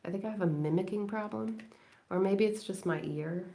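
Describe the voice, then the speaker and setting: At home late at night, a woman hosts a crafting live stream, chatting casually in a rambling way and laughing a lot. Her medium-pitched voice is mellow but gravelly, and she talks briskly.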